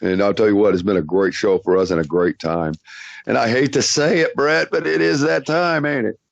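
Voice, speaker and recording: Deep-voiced Southern Texan radio host. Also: male voice, moderate pace, vocal fry, no room sound, dull audio. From Texas. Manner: folksy and effusive, calls people sweetheart and darling. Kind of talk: casual talk radio chat.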